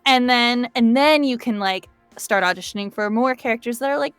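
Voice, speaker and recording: A woman voice actress chats casually and laughs easily, her pitch a touch high. She sounds close and dry, with faint music under her. She gets animated when she talks about her craft. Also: a little fast, hardly any pauses, clean tone, dry recording. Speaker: voice actress guest. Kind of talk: casual chat.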